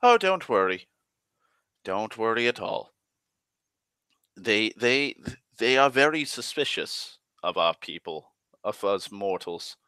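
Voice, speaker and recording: A man's voice: lowish voice, very animated, slow, pauses often, sharp tone, clean tone, no echo, heavily acted. A man voicing a nonchalant male elven king who speaks in a soothing, vague and ominous way.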